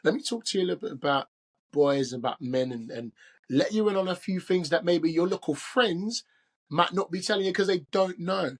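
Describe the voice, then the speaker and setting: A man's voice: sits high, a little fast. A podcast host doing an amateur London accent as a father giving earnest, protective advice to his grown daughter. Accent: put-on London English. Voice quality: amateur mock British accent. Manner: earnest, protective, street-slang phrasing. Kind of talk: imagined talk to his daughter.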